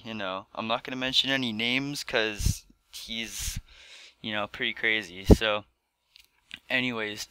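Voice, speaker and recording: A man's voice: on the low side, bright, forceful tone, smooth, dry recording. A teenage boy telling a storytime vlog in casual chat, rambling with lots of fillers. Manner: rambling, filler-heavy with many "like"s. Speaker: vlogger. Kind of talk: storytime commentary.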